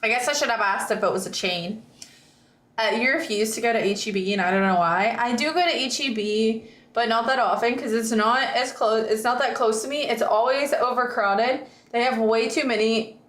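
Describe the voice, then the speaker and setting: A woman's voice: a little high, normal speed, fairly bright tone, roomy sound. A woman streamer in casual chat with viewers, rambling and reading chat aloud.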